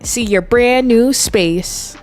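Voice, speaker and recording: A woman's voice: on the high side, takes it slowly, darkish tone, soft background music. A woman in her twenties giving chatty, giggly live commentary as she plays a game and talks to her viewers. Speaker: game streamer. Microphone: desk mic.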